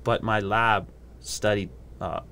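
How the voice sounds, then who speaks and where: Lively Hawaiian surfer man telling stories. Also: on the low side, slow pace, creaky. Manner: animated, acts out other voices, laughs often. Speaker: guest, surfer and scientist. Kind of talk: casual podcast storytelling.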